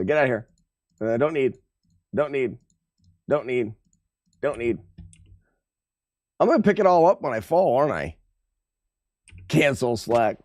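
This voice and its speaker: A man's voice: medium pitch, no room sound, studio quality. A man streaming a game live, talking to his chat with playful trash talk. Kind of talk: live gameplay commentary to chat.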